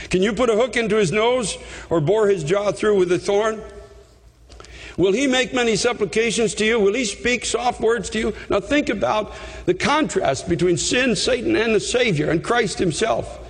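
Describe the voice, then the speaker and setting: A man preaching a fervent sermon, often repeating himself and rising to shouts. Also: high voice, moderate pace, in a large hall.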